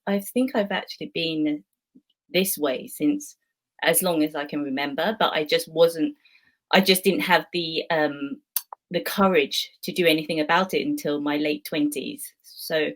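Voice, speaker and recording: A woman on a video panel speaks slowly and reflectively, stopping to search for her words. Her voice sits low for a woman. The tone stays thoughtful throughout. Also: a bit bright. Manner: hesitant, thoughtful, many fillers. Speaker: playwright panelist.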